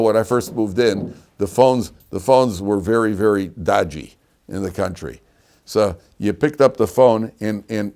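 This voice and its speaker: A man teaching a lively class as a rabbi, telling stories and laughing at his own anecdotes. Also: fairly low pitch. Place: yeshiva classroom.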